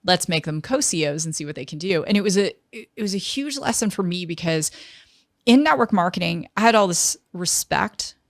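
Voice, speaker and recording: A woman in her fifties, a guest in an interview, telling a lively story and acting out what others said. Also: lowish voice, normal speed, no echo, clean studio sound. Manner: lively storyteller who acts out quoted dialogue. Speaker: interview guest, tech entrepreneur.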